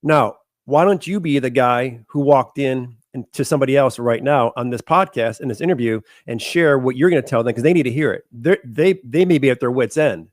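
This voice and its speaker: A male podcast host with a mid-pitched voice asks direct, probing questions and presses for details. The recording is dry and close, with no room sound. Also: brisk, hardly any pauses, no room sound. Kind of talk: interview podcast.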